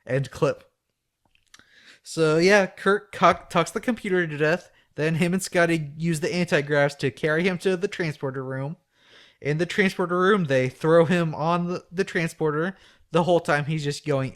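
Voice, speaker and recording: A man's voice: a little high, moderate pace. Casual man recapping an episode. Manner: loose, joking retelling. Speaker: podcast host.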